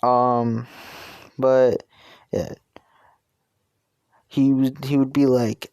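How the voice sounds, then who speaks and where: A man's voice: medium pitch, flat delivery, extremely slow, pauses often, a little mellow, clear, resonant tone, no room sound, studio quality. A man with a New Jersey accent telling a fan story in a rambling, casual way with many restarts. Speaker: video creator.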